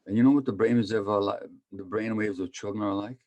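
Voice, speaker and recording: Man, 70s, from Hungary, very low voice, conversational lecture, asks the audience questions. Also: steady tone, fast talker, a little mellow. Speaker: physician speaker. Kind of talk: public talk on trauma.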